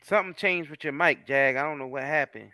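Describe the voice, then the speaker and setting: Smooth, bright-voiced male show host. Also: fairly high pitch, a little fast, no room sound. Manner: laid-back, slangy, repeats phrases. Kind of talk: casual chat on a live online show.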